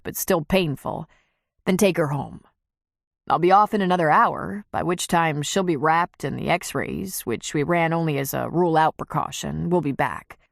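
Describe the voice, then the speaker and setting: A woman's voice: low-pitched, gravelly, dry recording, clean studio sound. A woman reading an audiobook, voicing a stern male doctor who speaks in clipped, firm sentences.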